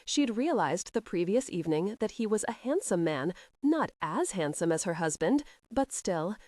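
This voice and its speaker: Female narrator, steady audiobook read, dry close sound. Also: mid-range voice, normal speed, dry recording. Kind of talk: scripted narration.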